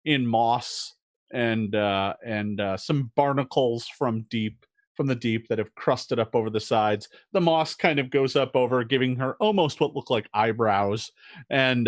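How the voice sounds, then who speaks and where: A man's voice: medium pitch, no room sound, clean studio sound. A man narrating a tabletop game as game master, describing scenes with frequent fillers and restarts. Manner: descriptive, halting with many fillers.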